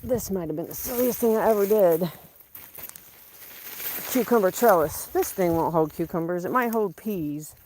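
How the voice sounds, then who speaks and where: A woman's voice: fairly low pitch, normal speed, a little mellow, slight background noise. Chatty woman gardening outdoors. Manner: talks to herself and the camera, exclamatory, joking. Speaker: gardening vlogger. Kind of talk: casual chatty narration while working.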